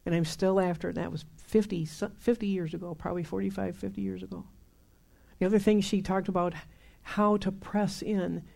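A woman's voice: mid-range voice, fairly even intonation, brisk, vocal fry, warm tone. A woman in her seventies preaching a sermon in a conversational, emphatic way, repeating phrases for stress.

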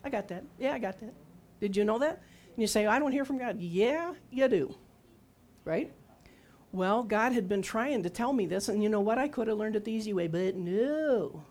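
With an animated, mid-range voice of darkish tone at a moderate pace, a woman in her sixties gives a testimony-style sermon. She questions her listeners and voices quoted lines, playing both herself and God.

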